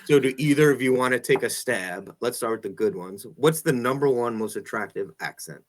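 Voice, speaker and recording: A man interviewing a guest in a relaxed conversation, joking and laughing often. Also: mid-range voice, fairly quick. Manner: laughs often, loose and chatty. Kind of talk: casual chat.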